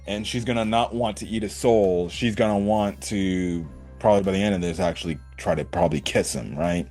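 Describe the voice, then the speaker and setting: A man giving a casual video review, animated and laughing often, swearing and tossing in "right?" after his points. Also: sits low, a little fast, faint music behind. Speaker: anime reviewer.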